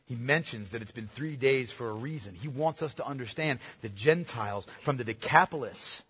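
A man preaching a sermon, animated, calling listeners "beloved" and sometimes dropping to a hush. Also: mid-range voice, normal speed, slightly rough. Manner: animated preaching, addresses listeners as beloved, drops to hushed tones. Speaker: pastor. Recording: long hall reverb.

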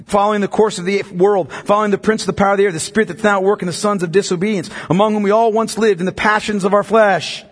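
A man preaching a sermon as pastor, emphatic and building to loud, pressing peaks. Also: high voice, fairly even intonation, fast, few pauses, long reverb tail.

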